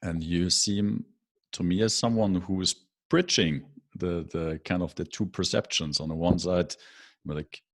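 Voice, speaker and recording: Man, podcast host, very low voice, hesitant, lots of uhs and ums. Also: steady tone, measured pace. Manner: hesitant, many filler words. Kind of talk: casual interview conversation.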